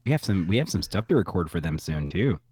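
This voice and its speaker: A man's voice: deep voice, very animated, fast, a little mellow, husky. A man co-hosting a podcast in casual chat, telling rambling stories. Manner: rambling, chatty storyteller. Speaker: podcast co-host.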